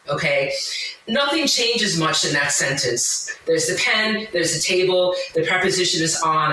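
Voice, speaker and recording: A woman's voice: fairly low pitch, bright, forceful tone, heavy reverb, distant mic, slight background noise, low-quality recording. A woman guest talking enthusiastically, full of asides and tangents, in conversation. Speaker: podcast guest. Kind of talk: conversational explaining.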